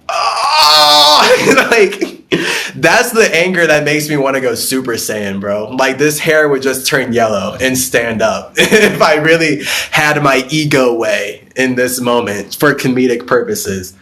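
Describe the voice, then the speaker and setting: A man's voice: medium pitch, fairly bright tone. A man hosting a spiritual live stream who talks bluntly and profanely, rambling through his ideas, answering viewer comments and breaking into laughs.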